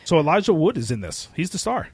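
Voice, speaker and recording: A man co-hosting a casual pop-culture podcast. He talks in a rambling, excitable way with casual swearing, and his voice is getting hoarse. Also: on the high side, fast, dry recording. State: losing his voice. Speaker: podcast co-host. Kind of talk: casual chat.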